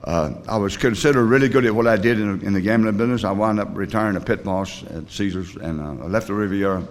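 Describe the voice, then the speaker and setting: A man's voice: on the low side, quick pace. An older man telling his personal recovery story to a group in a rambling, blunt way, full of fillers and restarts. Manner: plain, blunt working-class talk. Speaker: recovery meeting speaker.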